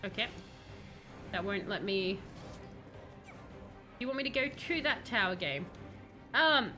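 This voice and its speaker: A woman streaming a video game, chatting excitedly and talking to the characters on screen. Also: medium pitch, slow, soft background music. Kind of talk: live gameplay commentary.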